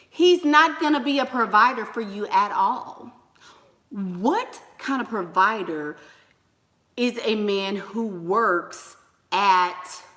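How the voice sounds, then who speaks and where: A young woman hosting a casual livestream, lecturing with emphatic repetition and shouting greetings to donors. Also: mid-range voice. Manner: preachy, repeats points for emphasis. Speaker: livestream host. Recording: roomy with long reverb.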